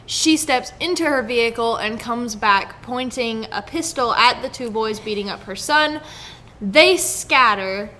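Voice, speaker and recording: A woman's voice: fairly high pitch, unhurried, sharp tone, a little hiss or hum. A young adult woman co-hosting a podcast, chatting casually and retelling a news story with frequent laughter. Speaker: podcast co-host, news segment host.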